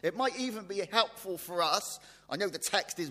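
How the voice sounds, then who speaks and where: A man's voice: sits high, moderate pace, hardly any pauses, pushed and bright. A man preaching a sermon, repeating phrases for emphasis and posing rhetorical questions. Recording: long hall reverb.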